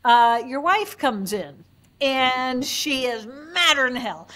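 A woman being interviewed as a neuroanatomist, explaining brain science with animated examples she acts out in voices. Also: high voice, takes it slowly. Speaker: guest neuroanatomist.

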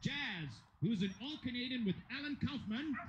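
A man's voice: extremely high pitch, expressive, moderate pace, dull audio, noisy background. A man giving rambling, joking live commentary at a dog agility competition. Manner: joking, rambling, self-deprecating. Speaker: event commentator. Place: dog agility event venue.

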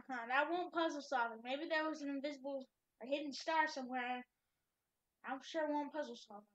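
Playful high-voiced woman gaming. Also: normal speed, muffled recording. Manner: playful, chatty self-talk with sudden exclamations. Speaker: gamer. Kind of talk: gameplay commentary.

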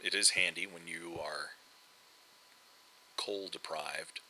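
A man's voice: deep voice, steady tone, slow, bright, forceful tone, slight background noise, rough recording. A middle-aged man chatting casually over gameplay, rambling with lots of fillers and restarts. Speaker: host. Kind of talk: casual game commentary.

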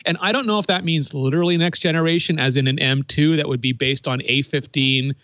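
Male panelist, fairly high voice, eager rambling talk, slightly dull dry remote audio. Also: fairly quick, fairly bright tone, no echo. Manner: enthusiastic, rambling, self-correcting. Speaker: tech commentator on a panel. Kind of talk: casual tech panel chat.

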